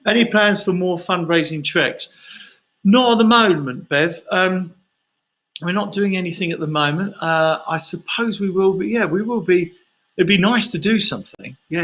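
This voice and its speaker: A man's voice: high-pitched, lively intonation, moderate pace, a bit bright, rough recording. A man from London, a singer chatting casually through fan questions on a livestream and telling rambling stories.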